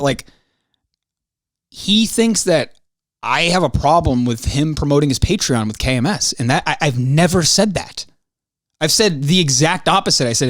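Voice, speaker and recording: A young man hosting a podcast, hoarse and losing his voice, ranting heatedly with plenty of swearing. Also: sits high, fairly bright tone, no room sound, studio quality. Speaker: podcast host. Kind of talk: casual podcast monologue.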